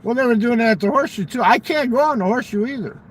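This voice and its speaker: A man's voice: very high-pitched, very fast, a little hiss or hum. A man in casual chat, animatedly telling profane stories and acting out the dialogue. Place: fast-food restaurant.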